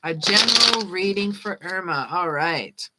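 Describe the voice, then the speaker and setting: A woman giving tarot readings on a casual live stream, chatting and reading card meanings aloud as she thinks out loud. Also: lowish voice, animated, unhurried, heavy background noise. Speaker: tarot reader.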